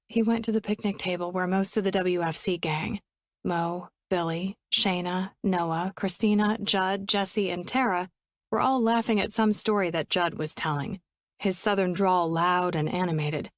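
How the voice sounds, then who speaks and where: A woman's voice: mid-range voice, no echo, clean studio sound. Woman narrating a romance audiobook.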